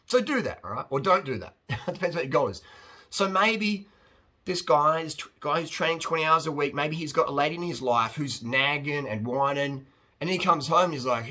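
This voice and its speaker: Blunt, bright-voiced rambling man. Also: on the high side, moderate pace. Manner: blunt, rambling, animated, acts out quoted voices. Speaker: host answering viewer questions. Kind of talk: casual advice monologue.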